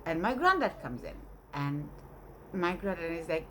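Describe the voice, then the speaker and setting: A woman's voice: lowish voice, a little slow, slight background noise. A woman casually telling a long, rambling story with lots of fillers. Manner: rambling, animated, full of fillers.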